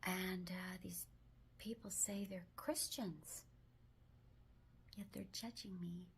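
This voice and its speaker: A woman hosting a self-help video, talking gently and mostly in a whisper, with firmer spoken phrases now and then. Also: on the low side, steady tone, slow, gravelly, slight background noise.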